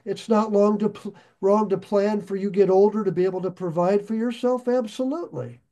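A man preaching a sermon, reading scripture slowly and pausing to ask his listeners questions. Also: high-pitched, dark tone, dull audio. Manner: slow, deliberate, asks the listeners questions. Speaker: pastor.

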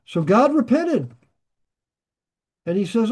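An older man preaching a sermon, folksy and animated, joking and swinging his volume up and down as he reads scripture. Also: sits high, takes it slowly, long pauses, slightly rough. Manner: folksy, animated preaching with jokes and sudden shifts of loudness. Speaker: pastor.

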